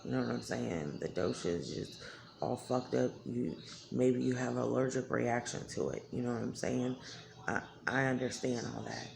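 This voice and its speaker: A woman's voice: very deep voice, normal speed, vocal fry, darkish tone. A woman talking candidly to her viewers in a blunt, emotional way, swearing freely. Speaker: vlogger. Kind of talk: candid talk to camera.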